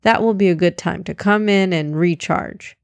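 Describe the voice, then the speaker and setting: A woman reading aloud, voicing a calm, practical father explaining a plan. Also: on the low side, moderate pace, gravelly, dry recording.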